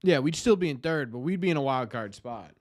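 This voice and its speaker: A man's voice: medium pitch, expressive, a little fast, no room sound, studio quality. A young man hosting a live stream, chatting with viewers, talking in rambling, exasperated bursts with frequent restarts. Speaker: podcast host reading live chat. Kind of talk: casual live-stream game commentary.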